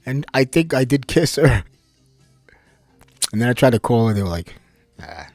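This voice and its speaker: A man from New Jersey giving an animated, rambling personal monologue, swearing freely. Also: medium pitch, normal speed, no echo, soft background music. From Bayonne, New Jersey. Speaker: vlogger.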